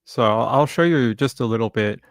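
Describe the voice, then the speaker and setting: A man hosting a casual live stream, rambling and halting as he greets viewers by name. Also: medium pitch, dry recording, clean studio sound.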